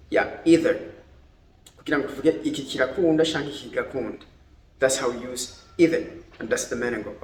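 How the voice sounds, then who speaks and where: Burundian male English teacher, fairly high voice, careful drills, echoey room. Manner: slow, deliberate word-by-word pronunciation drills, switching languages. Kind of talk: pronunciation lesson.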